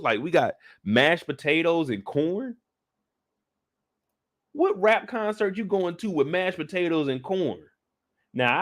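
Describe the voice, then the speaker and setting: A man hosting a casual live after-show discussion, ranting comedically with heavy slang and swearing, and jumping into loud voices for the people he quotes. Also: on the high side. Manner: animated, comedic rant with lots of slang and swearing. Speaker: show reaction host.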